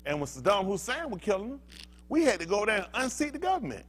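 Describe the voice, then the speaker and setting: Older male preacher with a slightly high, animated voice, heated and emphatic, pushes the congregation with questions. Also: fast talker. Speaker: pastor. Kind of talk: fiery preaching sermon.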